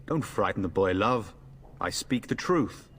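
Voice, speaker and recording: A man's voice: on the low side, animated, unhurried, slight background noise. A man voicing a confident, jovial warrior in a fantasy game. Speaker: game character. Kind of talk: game voice acting.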